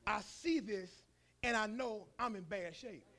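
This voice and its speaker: A man voicing a hurt young boy who talks fast and insistently. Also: sits high, pushed and bright, heavily acted. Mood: distraught.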